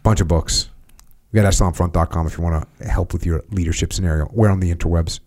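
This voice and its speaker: A man's voice: sits low, steady tone, fast, a little mellow. A middle-aged man hosting a podcast in casual chat, laid-back and slangy. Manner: laid-back, slangy, says "bro" and "dude". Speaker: podcast host.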